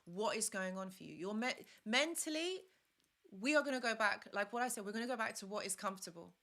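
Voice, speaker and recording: A young woman talks through a live stream in a bright, clear voice. She gives earnest advice, circles back over her points and speaks casually to her viewers. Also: medium pitch, lively intonation, a little fast. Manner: earnest, repetitive, reads comments aloud. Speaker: live stream host, relationship advisor.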